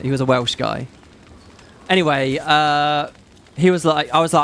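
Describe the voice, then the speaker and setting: Excitable man rambling over gameplay. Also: fairly high pitch, moderate pace, a little hiss or hum. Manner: rambling, excitable, swears freely. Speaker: gaming YouTuber. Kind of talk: casual gameplay commentary.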